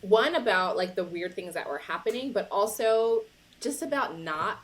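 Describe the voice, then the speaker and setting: A woman's voice: medium pitch, expressive, moderate pace, poor audio. A woman hosting a podcast interview over a video call, chatting casually and agreeing often with a laugh. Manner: affirming, frequent laughter. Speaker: podcast host.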